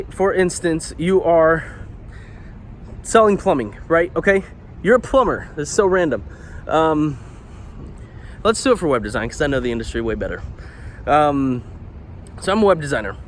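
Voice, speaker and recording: Man in his 30s, higher-pitched voice, chatty marketing explainer, pacing outdoors with faint street hum behind. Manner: paces while talking, slightly out of breath; conversational, lots of fillers and "right?". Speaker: web designer and marketer. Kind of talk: casual explainer monologue.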